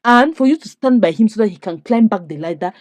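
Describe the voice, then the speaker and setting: A woman voicing a fed-up wife who slowly and emphatically denounces her husband. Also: mid-range voice, expressive, a little mellow, no room sound, close to an everyday voice. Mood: lecturing. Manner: slow, emphatic, indignant.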